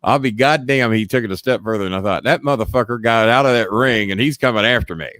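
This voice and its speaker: A middle-aged man hosts a casual chat, telling a story in a profane, animated way. His voice sits mid-range, neither high nor low. It is recorded dry and close. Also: fast talker, no echo. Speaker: storyteller and show host.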